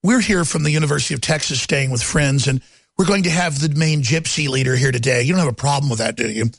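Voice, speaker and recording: A man's voice: medium pitch, fast talker, no echo, pitched below the performer's own voice, lightly acted. A man quoting a fussy, prying woman he met on a dock, in a breathless put-on voice. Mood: gushing.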